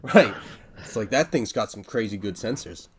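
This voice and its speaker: A man's voice: fairly low pitch, lively intonation, moderate pace, crowd noise. A man narrating as game master of a tabletop game, hesitant with many fillers.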